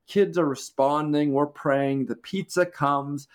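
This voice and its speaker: A man co-hosting a podcast, telling a testimony story in conversation with animated, lively retelling. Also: on the high side, slow, clear, resonant tone. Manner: animated, excited retelling with acted quotes. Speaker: podcast co-host.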